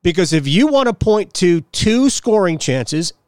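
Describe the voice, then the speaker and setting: A man hosting a sports talk podcast, delivering an opinionated monologue in a blunt, combative way. His voice sits fairly high and sounds smooth and resonant. The recording is dry and close, with no room sound. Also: sing-song, a little slow, no echo. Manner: blunt and combative, with sarcastic jabs at listeners. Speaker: podcast host.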